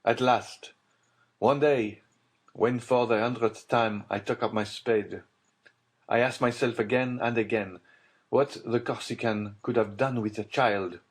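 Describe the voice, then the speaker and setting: This audiobook voice belongs to a desperate middle-aged nobleman, played by a man who pushes his husky voice up to a medium pitch. His tone is steady and unhurried, his delivery tense, urgent and grave.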